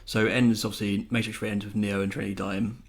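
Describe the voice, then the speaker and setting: A man's voice: on the low side, level tone, fast talker, slight background noise. A young man co-hosting a podcast, rambling and swearing in casual chat. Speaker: podcast co-host.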